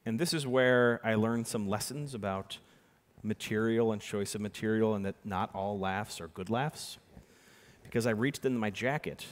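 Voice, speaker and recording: A man in his thirties tells a story from the keynote stage, his voice sitting at an ordinary middle pitch. He is animated, dropping to a hush and then rising to near-shouting as he acts out the voices in the tale. A long hall reverb trails behind every word. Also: moderate pace. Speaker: keynote speaker and magician. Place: large conference hall.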